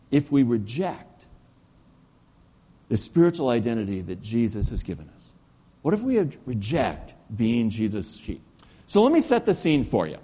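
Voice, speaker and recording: A man preaching a sermon as pastor, storytelling with energy and dropping to slow, soft emphasis on key words. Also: medium pitch, breathy edge. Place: church sanctuary. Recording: long church reverb.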